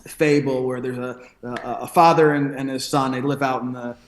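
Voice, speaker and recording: A man's voice: mid-range voice, steady tone, moderate pace. A man, a pro wrestler and podcast guest, talking in a thoughtful, philosophical way with frequent restarts. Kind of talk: reflective podcast conversation. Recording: roomy echo.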